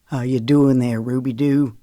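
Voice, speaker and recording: A woman's voice: a bass voice, steady tone, unhurried, dark tone, dry recording, studio quality, voice pushed down. A woman doing a cocky, teasing young man. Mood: cooing.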